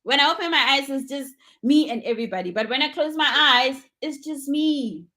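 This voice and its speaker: A woman's voice: high-pitched, fast, bright, forceful tone. A woman vlogger giving an unscripted motivational monologue, emphatic and repetitive in a preachy way.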